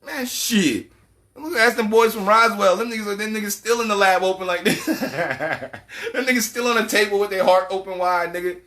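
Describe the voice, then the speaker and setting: A man's voice: high voice, normal speed, sharp tone. A man giving a casual, profane monologue as a channel host, ranting animatedly and laughing often.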